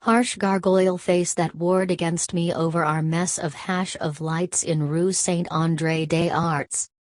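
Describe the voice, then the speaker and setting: Brash mocking young man with a put-on Irish brogue, querulous and wailing, as a woman narrator puts him on. The voice sits low, and the reading is close and dry. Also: fairly even intonation, measured pace, dry recording, natural voice. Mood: gleeful.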